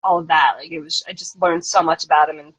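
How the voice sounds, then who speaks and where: A woman's voice: low-pitched, steady tone, fast talker, breathy edge, no echo, rough recording. Chatty woman author being interviewed. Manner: chatty, with lots of "like" fillers. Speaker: author guest. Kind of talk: casual interview chat.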